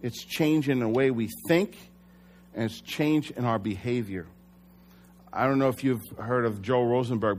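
A young adult man preaching a sermon as pastor, earnest and conversational, sometimes correcting himself. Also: medium pitch.

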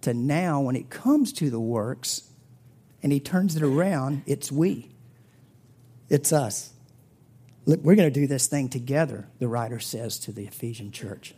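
A man preaching a sermon, telling a story with big swings in pitch and loudness and dropping to a breathy whisper at tender points. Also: lively intonation, unhurried. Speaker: pastor.

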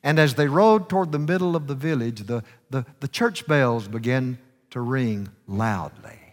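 At a moderate pace and medium pitch, a male guest preacher gives an impassioned sermon that includes a story. His voice rises and falls for emphasis, echoing through the reverberant hall of the church sanctuary.

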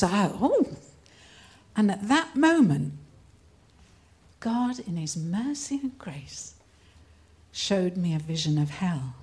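Older woman, from England, unhurried delivery, earnest testimony, mid-range voice, laughs often. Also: mid-range voice, a little mellow. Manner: earnest storytelling, breaks into laughter. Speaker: conference speaker. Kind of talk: testimony talk.

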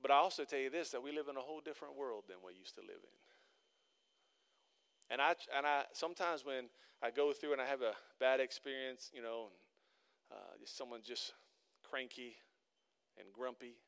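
Bright-voiced male pastor preaching. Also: mid-range voice, normal speed, creaky, smooth. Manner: conversational storytelling that builds into emphatic repeated exhortation. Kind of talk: sermon. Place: church.

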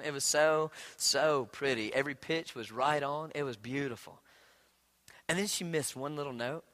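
A man in his thirties preaching a sermon as pastor, moving from hushed storytelling to loud, emphatic declarations. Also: on the high side.

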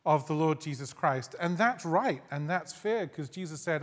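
A man preaching a sermon as a guest pastor, conversational and gently humorous, reading scripture aloud. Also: fairly high pitch, lively intonation, moderate pace. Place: church sanctuary. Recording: long hall reverb.

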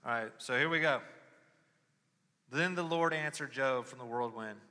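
Man, young adult, preacher, sermon with testimony, very bright voice, long hall echo. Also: medium pitch, moderate pace, pauses often. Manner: swings from quiet reflection to loud impassioned pleading.

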